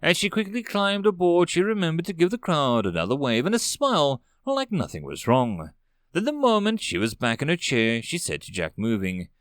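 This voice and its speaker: A man narrating a sci-fi audiobook story in an animated way. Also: a little high, normal speed, dry recording, studio quality.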